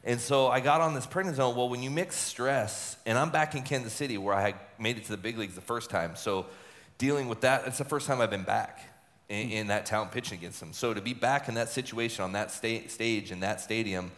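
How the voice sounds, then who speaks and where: A retired relief pitcher tells a story in an interview, a man of ordinary pitch who talks in a chatty, looping way and often repeats his words. His voice rings with a long hall reverb. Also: a little fast. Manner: chatty, repeats words, lively acted-out quotes.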